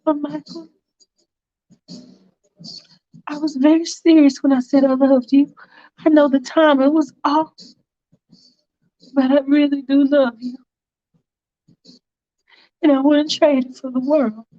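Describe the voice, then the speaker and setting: A woman's voice: high voice, steady tone, a little slow, pauses often, warm tone, no echo, pitched above the performer's own voice. A woman voicing a distraught churchgoing mother who pleads emotionally. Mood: pleading. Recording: dull lo-fi recording.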